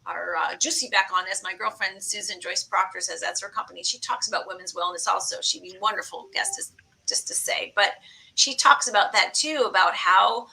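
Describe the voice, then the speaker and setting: A woman in her late fifties hosting a casual podcast chat, animated and enthusiastic. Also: medium pitch, a little fast, vocal fry, low-quality recording. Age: late 50s. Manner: animated, enthusiastic, breezy and upbeat. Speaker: podcast host.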